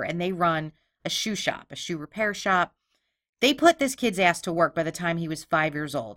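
Low-voiced blunt woman podcasting true crime. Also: fairly bright tone, no room sound, studio quality. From Philadelphia. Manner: blunt, sarcastic, swears freely. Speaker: podcast host. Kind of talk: casual true-crime narration.

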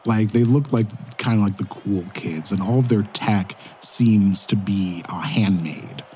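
A man narrating as game master of a tabletop role-playing game. His voice sits low and warm, unhurried and mellow. He describes scenes in a loose, rambling way, padded with fillers. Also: a little hiss or hum.

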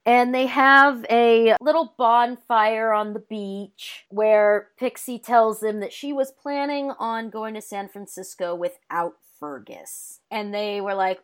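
A woman on a chatty podcast, walking through a movie plot with lively energy and slipping into quick voices for each character. Her voice sits a little high for a woman. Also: smooth. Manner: animated retelling, acts out characters' lines. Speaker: podcast co-host. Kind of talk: casual movie recap chat.

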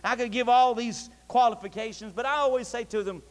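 A man preaching a sermon, telling his story with feeling and building to fervent, near-shouted passion. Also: very high voice, fairly even intonation, brisk. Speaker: pastor. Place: church sanctuary. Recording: long church reverb.

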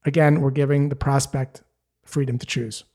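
Mellow-voiced man coaching sales. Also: mid-range voice, moderate pace. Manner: direct, explanatory, steady. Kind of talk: scripted instructional talk.

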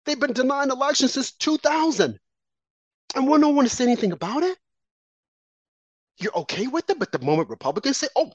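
A woman's voice: medium pitch, husky, no room sound. A woman delivering a heated political opinion monologue as a commentator, sarcastic and mocking opponents in a sing-song voice. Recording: dull lo-fi sound.

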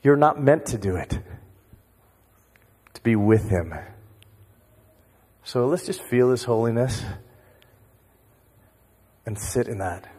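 A man leading worship in a slow, hushed, intimate prayer in a church sanctuary. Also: mid-range voice, expressive, husky. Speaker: worship leader. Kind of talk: prayer over music. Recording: long reverb of a large hall.

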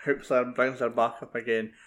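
A man's voice: medium pitch, flat delivery, moderate pace, fairly bright tone, a little hiss or hum. A man in casual chat, hesitantly recalling a film scene with lots of fillers and some swearing.

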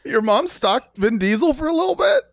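A man's voice: very high-pitched, big pitch swings, normal speed, no echo, studio quality. A young man co-hosting a comedic podcast, crude, rambling and jokey. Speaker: podcast co-host. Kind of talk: casual comedic chat.

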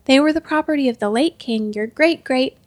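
A stern, scolding chancellor with a red beard, as a woman reading the tale plays him. The voice stays fairly high and sounds dry and close. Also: a little fast, no room sound, natural voice.

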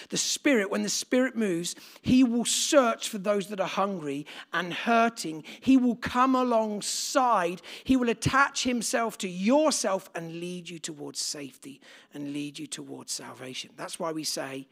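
A man's voice: sits high, a little slow, vocal fry. A man preaching a sermon to a live congregation in a conversational way, putting questions to the room. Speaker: pastor. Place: church gathering with live congregation.

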